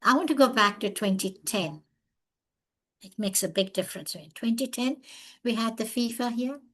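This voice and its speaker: A woman's voice: a little high, moderate pace, fairly bright tone. A woman presenting a webinar lecture over a video call. She talks earnestly and with emphasis, and she tells her story with lots of animation. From from overseas, living in South Africa.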